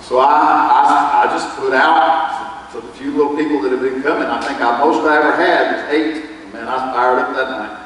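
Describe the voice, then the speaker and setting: A man preaches as a pastor, telling his story in a folksy, conversational way and acting out the other people in it. His voice sits at an ordinary middle pitch. The recording is distant and echoey, with the long ring of a church hall. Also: normal speed, hardly any pauses, a little hiss or hum. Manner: folksy storytelling, quotes others in lively bursts. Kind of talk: sermon testimony. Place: church sanctuary.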